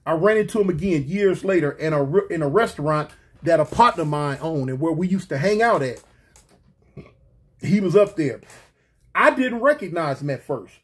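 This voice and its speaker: A man's voice: fairly high pitch, normal speed, breathy edge. A man casually telling a street story in slangy talk, repeating himself and acting out quoted dialogue. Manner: slangy, repetitive, animated retelling with quoted dialogue.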